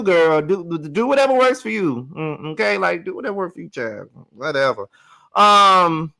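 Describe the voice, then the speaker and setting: A man hosting a live review of a reality show, talking bluntly and profanely in animated rants that climb to shrill exclamations when he gets worked up. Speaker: reality TV recap host.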